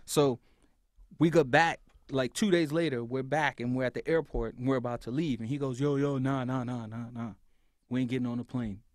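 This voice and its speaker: A man telling a story as a podcast guest, his voice middle-pitched and close to a dry mic. He acts out other people's lines, and his volume rises and falls as the story gets heated. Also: steady tone, normal speed, dry recording. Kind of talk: animated storytelling.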